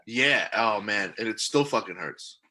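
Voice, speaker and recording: A man's voice: on the low side, animated, measured pace, bright, forceful tone, slight background noise. A man co-hosting a casual podcast, giddy and laughing a lot, swearing freely. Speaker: podcast co-host. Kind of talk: casual joking chat.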